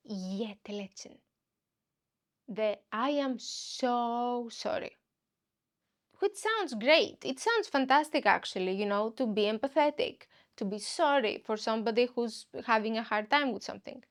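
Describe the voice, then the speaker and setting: A woman tells a comic story in a high voice. She hosts her own podcast and talks in an animated way, slipping into the voices of the people she met. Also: normal speed. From Greece. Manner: animated, acts out dialogues with other people. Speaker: podcast host and comedian. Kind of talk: comedic storytelling monologue.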